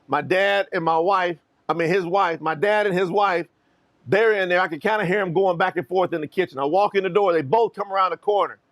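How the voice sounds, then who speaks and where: A middle-aged man from Kentucky, telling a personal story to online viewers as a motivational speaker, animated and talking straight to his audience. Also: high voice.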